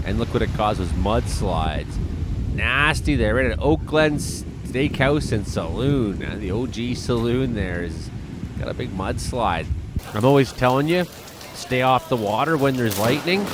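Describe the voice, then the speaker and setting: A man talks loosely over nature clips as a show host, tossing in jokes and sudden excited shouts. His pitch sits in the middle range for a man. A steady noise hiss runs underneath. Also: unhurried. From Canada. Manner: chatty, exclaiming, jokey asides. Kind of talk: casual commentary over video clips.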